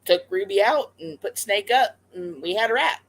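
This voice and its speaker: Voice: medium pitch, expressive, moderate pace, fairly bright tone, low-quality recording. Rambling, chatty pet vlogger telling a story. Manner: rambling, with many fillers and restarts; chatty and conversational. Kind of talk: casual storytelling to camera.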